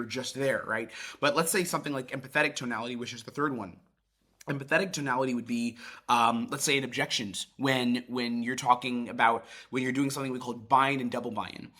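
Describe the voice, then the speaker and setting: A man gives a sales training talk in a loose, casual way, now and then swearing and acting out how a call should sound. His voice is bright and a little husky. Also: mid-range voice. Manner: demonstrates tones by acting out calls; casual, swears, many restarts. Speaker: sales coach.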